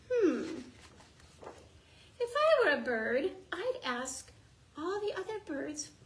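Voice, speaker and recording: A woman preschool teacher reading a story to young children in an animated, sing-song way, gently and slowly, recorded at home. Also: very high-pitched, poor audio.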